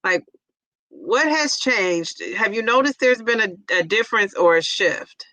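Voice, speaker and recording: A woman's voice: medium pitch, animated, unhurried, bright, forceful tone, dry recording, rough recording. A middle-aged woman hosting a casual livestream, chatting, reading viewer comments aloud and laughing often. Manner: chatty, laughs often, exclaims "Jeez Louise". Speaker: livestream host.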